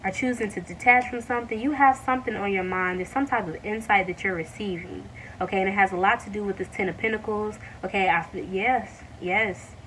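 A woman reads tarot cards for her viewers in a loose, chatty way, calling them y'all and drawing out excited exclamations. Her voice sits at an ordinary pitch. She sounds a little distant from the microphone, with a faint hiss behind her. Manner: excited, animated bursts with drawn-out exclamations; addresses viewers as y'all, many fillers. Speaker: tarot reader. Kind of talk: casual tarot reading.

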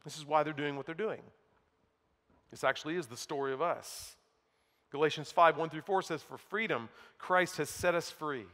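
Bright-voiced preacher in a reverberant church. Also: male voice, a little high, moderate pace. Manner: emphatic preaching, swings from loud to hushed, mocking asides. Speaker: pastor. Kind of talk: sermon. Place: church sanctuary. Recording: long hall reverb.

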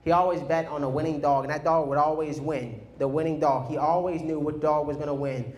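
Energetic preacher man, higher voice. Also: brisk. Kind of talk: sermon.

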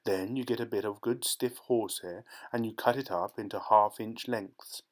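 A man's voice: on the low side, steady tone, moderate pace, lightly acted. A man playing a sly country poacher. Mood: confiding. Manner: conspiratorial, eager. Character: sly middle-aged male country poacher.

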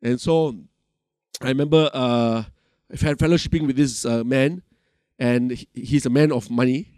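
A man's voice: medium pitch, steady tone, a little slow, darkish tone, no room sound, studio quality. A middle-aged male pastor with a Malaysian English accent, preaching a sermon in a conversational way, telling a personal story with lots of asides and fillers.

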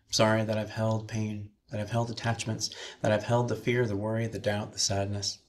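A man minister leading a slow, soothing guided meditation with breathing cues, then speaking to a chapel congregation. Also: on the low side, little pitch movement, slight background noise.

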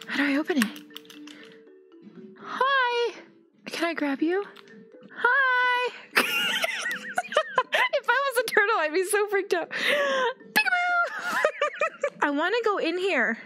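A woman's voice: extremely high pitch, big pitch swings, measured pace, long pauses, music in the background. A young woman commenting on a game, gasping, squealing and talking baby-talk to the animals. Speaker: gaming video creator. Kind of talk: excited gameplay commentary.

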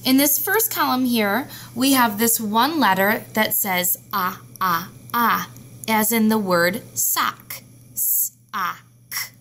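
Slow, clear-spoken woman teacher. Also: fairly high pitch, fairly bright tone, a little hiss or hum. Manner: slow, clear, sounding out letters. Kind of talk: phonics lesson for young children.

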